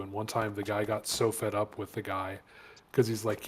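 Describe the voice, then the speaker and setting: A man's voice: on the low side, level tone, normal speed, a little hiss or hum. A man chatting while gaming, laid-back, answering with short agreements and telling profane stories. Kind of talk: casual chat while gaming.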